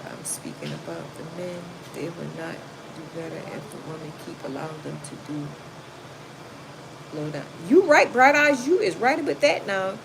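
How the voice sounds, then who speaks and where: A woman's voice: on the low side, animated, moderate pace, vocal fry. A woman, hosting a casual livestream, reading chat comments aloud and giving blunt, sassy advice. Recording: noisy home recording.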